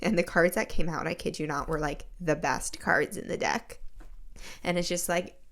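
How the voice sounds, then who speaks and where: A woman's voice: fairly low pitch, fairly even intonation, normal speed, vocal fry, a bit bright. A woman hosting a podcast, asking questions in an earnest, personal way. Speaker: podcast host. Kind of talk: conversational interview.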